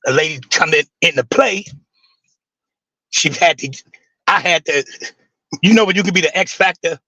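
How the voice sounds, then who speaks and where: A man hosting a livestream, telling an emotional personal story in heavy street slang, halting and repeating himself as he grieves. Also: a little high, pushed and bright, breathy edge, no echo, poor audio. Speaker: livestream host.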